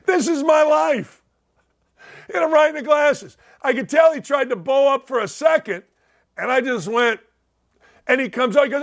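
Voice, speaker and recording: High-voiced, excitable sports talk host. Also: male voice, a little slow, creaky, long pauses. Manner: excitable, rambling storyteller who repeats himself. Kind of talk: sports talk show storytelling.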